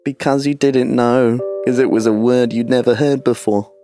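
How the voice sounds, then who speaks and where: A man's voice: mid-range voice, fairly even intonation, normal speed, over music, lightly acted. A man playing a teen boy wizard who earnestly explains things.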